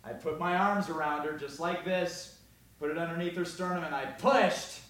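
A man preaching a sermon in a conversational way, often asking "all right?", moving between loud emphasis and quiet, close talk. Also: a little high, moderate pace. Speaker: pastor.

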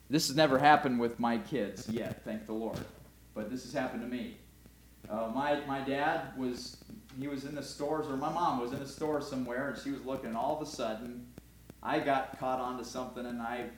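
A man preaching a sermon, swinging from quiet, low asides to loud emphatic calls, joking and putting rhetorical questions to the congregation. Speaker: pastor.

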